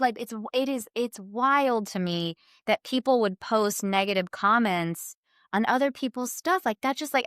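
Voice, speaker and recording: A woman chatting casually as a podcast guest, full of "like" fillers and lively acted-out quotes. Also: mid-range voice, smooth, dry recording, studio quality. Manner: chatty, filler-heavy, animated quoting. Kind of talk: casual chat.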